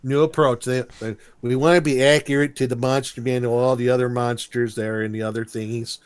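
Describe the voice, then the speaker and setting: A man co-hosting a podcast, recapping a cartoon episode in a lively, storytelling way and laughing as he goes. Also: medium pitch, brisk, smooth. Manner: animated storytelling, briefly imitates characters with laughs. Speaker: podcast co-host.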